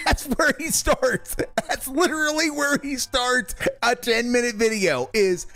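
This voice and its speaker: A man's voice: very high voice, takes it slowly, few pauses, bright, forceful tone, soft background music. A man streaming, reacting to a video with mocking commentary and frequent laughter.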